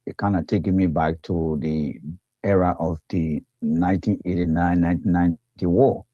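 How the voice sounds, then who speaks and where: Deep-voiced caller, earnest. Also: male voice, fairly even intonation, moderate pace, dry recording. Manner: earnest, troubled. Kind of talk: call-in commentary. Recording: dull phone line.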